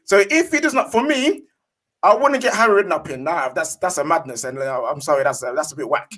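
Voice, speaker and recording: A man's voice: fairly high pitch, lively intonation, brisk, fairly bright tone. A man giving an emphatic, slang-heavy fan rant as a panelist.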